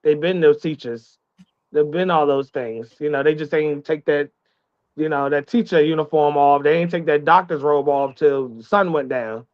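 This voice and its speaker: A man co-hosts a live talk show with a fairly high voice. He jokes and curses freely, laughing as he talks. His audio sounds dull and lo-fi. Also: normal speed. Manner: joking, profane, laughs often. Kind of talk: casual live show chat.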